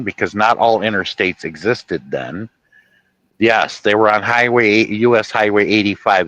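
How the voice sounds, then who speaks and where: A low-pitched man from Ohio rambles casually on a livestream, stopping to correct his own facts. His voice is recorded dry and close, with no room sound. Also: a bit bright, no echo, highs cut off. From Ohio, USA. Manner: rambling, correcting himself mid-sentence. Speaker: livestream host.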